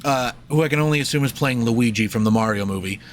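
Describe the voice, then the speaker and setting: A fast-talking young man with a medium-pitched voice co-hosts a film podcast, and his film review is casual, rambling, jokey, and full of profanity. There's slight background noise.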